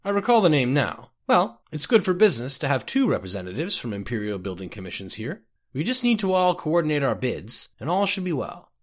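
A man's voice: a little high, sing-song, fairly quick, hardly any pauses, voice pushed up. A man doing a sneering fat merchant. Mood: scheming. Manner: sneering, demanding, loud. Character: fat greedy male merchant, sneering and pushy.

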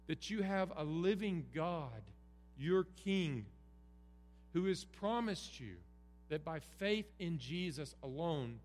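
A man's voice: a little high, darkish tone. A middle-aged man, preaching an earnest Christmas Eve sermon with emphatic repetition. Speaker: pastor. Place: church sanctuary. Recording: roomy hall reverb, faint hum.

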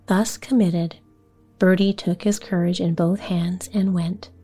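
A woman narrating a bedtime story for a sleep podcast in a hushed, slow, soothing voice. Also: medium pitch. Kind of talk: whispered bedtime story reading.

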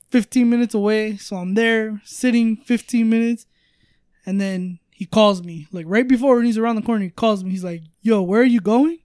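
A man's voice: sits high, a little mellow, clean tone, no echo, clean studio sound. A man telling a travel story in casual podcast chat, rambling with lots of fillers and swearing. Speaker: storyteller guest.

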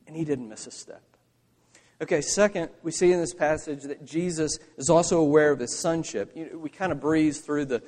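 A male pastor delivers a sermon, pressing his points hard and then dropping to hushed asides. His voice sits high and leaps around in pitch. The sound carries a long reverb tail from a church hall. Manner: animated preaching, swinging from emphatic to hushed.

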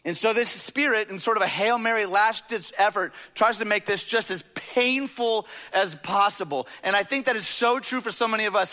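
A man delivers a sermon in a loose, conversational way, throwing rhetorical questions at his listeners. His voice is bright and a little high. It rings with the long reverb of a large hall. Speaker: pastor.

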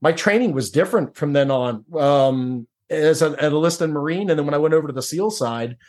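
Casual, slightly high-voiced man telling a story. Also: animated, fairly quick, a little mellow. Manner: casual, repeats words, says "dude" and "like". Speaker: podcast guest. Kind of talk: storytelling interview.

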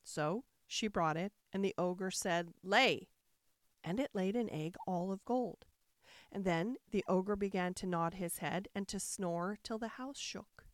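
A woman tells a fairy tale in an expressive storybook manner, leaning into the dramatic beats. Her voice sits mid-pitch, and the recording is dry and close. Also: dry recording. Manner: expressive storybook narration with rising emphasis.

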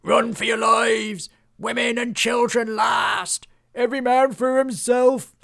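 A man's voice: little pitch movement, slow pace, creaky, heavily acted. A man voicing panicking villagers who shriek warnings to run, in a storybook reading. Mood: panicked. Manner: shrill frantic shouting.

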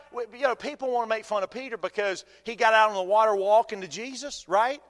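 Folksy high-voiced male preacher. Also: quick pace, hardly any pauses, in a large hall. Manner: folksy, animated preaching with humor and rhetorical questions. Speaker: pastor. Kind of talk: sermon.

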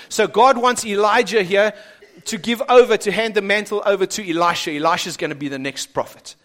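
A man preaching a sermon with dramatic swings between loud and soft, asking the congregation rhetorical questions. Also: high-pitched, animated, moderate pace.

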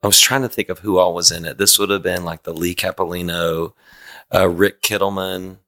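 Bright-voiced man in his fifties. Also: low-pitched, level tone. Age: 50s. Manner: rambling storyteller with quick asides. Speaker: podcast guest, worship singer. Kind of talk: casual conversation.

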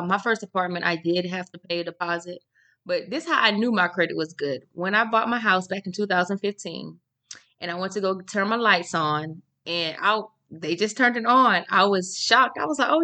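A woman's voice: fairly low pitch, fairly bright tone. Chatty woman hosting a podcast. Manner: chatty, repeats phrases, informal grammar. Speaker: podcast host. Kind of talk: casual solo podcast talk.

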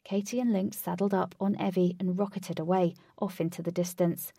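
A woman's voice: lowish voice, little pitch movement, a little fast, vocal fry, mellow, breathy edge, no echo. Woman narrating a storybook, dry and close.

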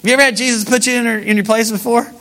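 Bright, high-voiced male preacher. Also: very fast. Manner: conversational, animated storytelling. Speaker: pastor. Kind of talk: sermon.

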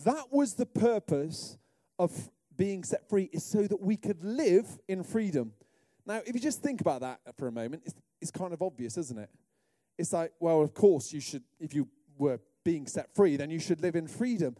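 A middle-aged British man preaching a sermon, telling humorous stories in a lively way. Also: a little high, moderate pace, no room sound, studio quality. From Britain. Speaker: pastor.

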